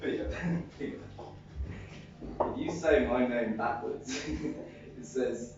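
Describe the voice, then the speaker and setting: An actor playing a stoned, giggly young Jesus with a Liverpool accent, rambling in a live stage comedy sketch. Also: male voice, medium pitch, extremely slow, noisy background. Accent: English, Liverpool. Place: club stage, heard from the room. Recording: echoey, distant, muffled lo-fi room recording.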